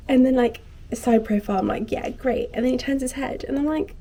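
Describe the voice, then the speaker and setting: Mellow-voiced young woman, animated. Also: fairly high pitch, fairly quick, hardly any pauses, slight background noise. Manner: animated storytelling, acting out both sides of the story. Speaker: vlogger. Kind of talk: casual chat.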